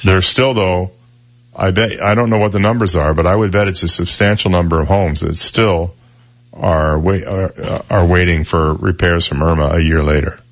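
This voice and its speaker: Low-voiced radio host, dry studio sound. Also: male voice, normal speed, no room sound. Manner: chatty, tells jokes, teases co-hosts. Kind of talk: casual morning radio chat. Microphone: studio microphone.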